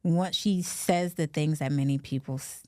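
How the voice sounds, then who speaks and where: A woman's voice: low voice, moderate pace, mellow, no room sound, clean studio sound. A woman hosting a casual radio interview, with frequent encouraging interjections and affirmations. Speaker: radio host.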